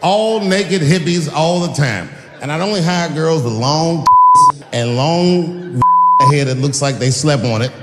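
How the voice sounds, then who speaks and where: Doing stand-up in a large venue with a live audience, a middle-aged man tells stories and acts out voices with animation. His voice is on the high side and measured in pace, heard through heavy background noise and the long reverb of a live hall recording.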